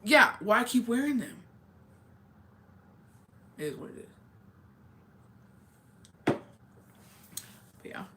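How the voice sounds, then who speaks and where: A woman's voice: on the high side, very animated, slow pace, pauses often, sharp tone. A young adult woman telling a school story in casual chat, rambling, blunt and full of swearing. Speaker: streamer.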